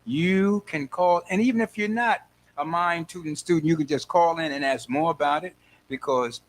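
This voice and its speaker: Lively older man hosting radio talk. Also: fairly high pitch, normal speed. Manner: lively, playful, acts out voices, frequent laughs. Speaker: radio show host. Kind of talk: animated solo radio talk.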